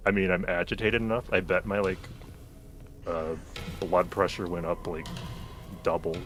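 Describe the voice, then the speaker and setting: A man's voice: deep voice, normal speed, long pauses, a bit bright, a little hiss or hum. A man streaming a game late at night, chatting casually, joking, and talking to the characters on screen. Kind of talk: casual gameplay commentary.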